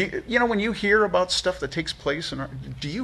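Gravelly-voiced man preaching a sermon. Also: sits high, lively intonation, fairly quick, few pauses, bright, forceful tone, a little hiss or hum. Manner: earnest, conversational, many restarts, rises for emphasis. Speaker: pastor.

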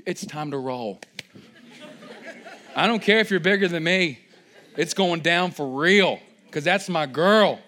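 A young man preaches a sermon in a slightly high voice, leaning on each point with emphasis. He breaks into joking asides and quick mock voices, then climbs to loud, excited stretches before settling back down. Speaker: pastor.

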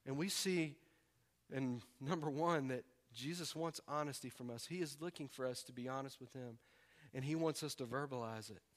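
A man from the preaching a sermon, animated and acting out voices with humor. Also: medium pitch, normal speed. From American South. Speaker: pastor.

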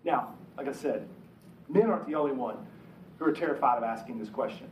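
A pastor with a medium-pitched, slightly mellow voice preaches a conversational sermon at a fairly quick pace, slipping into the voices of the people he quotes. The mic is distant in an echoey room, with a little hiss or hum.

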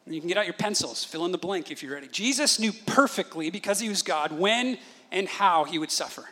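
Male pastor, 30s, high bright voice, animated sermon delivery with acted-out voices. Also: brisk. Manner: animated storytelling, acts out voices of his children.

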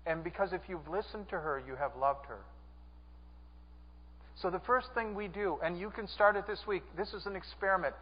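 A man preaches a sermon in a fairly high voice, earnest, repeating his phrases and calling on the congregation to answer. The sound is a little dull and muffled. A long reverb from the church sanctuary trails after every line. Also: moderate pace.

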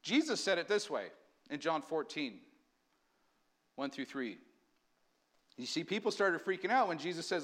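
A male pastor delivering a sermon in a high, bright voice. He preaches with energy and keeps asking the congregation questions. His tone stays lively and forceful throughout. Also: normal speed, pauses often.

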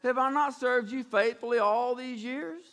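A preacher doing a soft, hurt talking donkey. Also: male voice, very high-pitched, moderate pace. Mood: plaintive.

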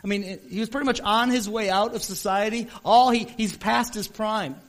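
Telling a story in earnest, a rather high-voiced pastor delivers a sermon to his congregation. His pace quickens and eases while his loudness builds to make the point.

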